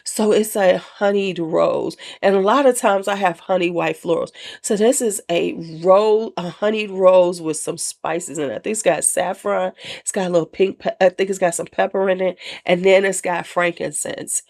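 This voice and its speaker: A woman's voice: on the low side, steady tone, moderate pace, a little mellow. Chatty woman reviewing perfumes. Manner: chatty, candid, slangy asides. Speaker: perfume vlogger. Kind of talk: casual product review.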